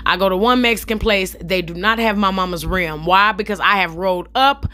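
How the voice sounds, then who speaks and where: A young adult woman telling a story in a vlog, in an animated, profane and sassy way, talking straight to her viewers. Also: mid-range voice, a little fast, a little hiss or hum. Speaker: comedian telling a story while styling her hair.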